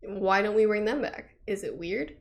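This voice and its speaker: A woman with a gravelly, vocal-fry edge chats playfully as a podcast co-host, tossing in quick quips. Her pitch sits in a middle range and she keeps things light and loose. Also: animated. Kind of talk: casual chat.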